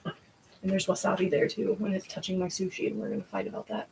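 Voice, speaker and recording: A woman's voice: medium pitch, fairly even intonation, a little fast, creaky, darkish tone, slight background noise. A woman co-hosting a casual live stream, talking and joking while she eats. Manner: joking, talkative. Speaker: co-host.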